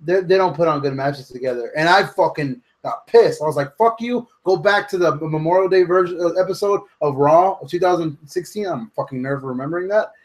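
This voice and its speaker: Brief: male co-host, slightly high voice, enthusiastic, rambling and profane. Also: a little fast, hardly any pauses. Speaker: podcast co-host. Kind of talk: casual wrestling chat.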